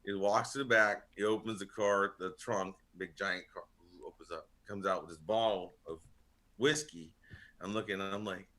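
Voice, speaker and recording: A man's voice: on the low side, fairly even intonation, normal speed, bright, forceful tone. A man on a casual podcast panel, telling a long rambling story full of swearing and laughter. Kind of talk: casual chat.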